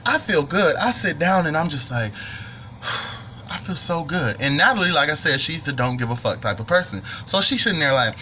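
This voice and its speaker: Young male vlogger, bright and fairly high voice, animated joking storyteller. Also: moderate pace, a little hiss or hum. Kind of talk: storytime monologue.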